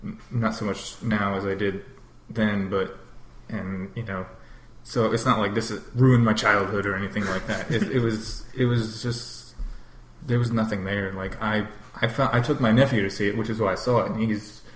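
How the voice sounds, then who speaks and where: A man co-hosting a podcast in casual chat, talking haltingly and restarting his sentences. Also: lowish voice, steady tone. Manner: hesitant, self-interrupting. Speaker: podcast co-host. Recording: echoey room with faint noise.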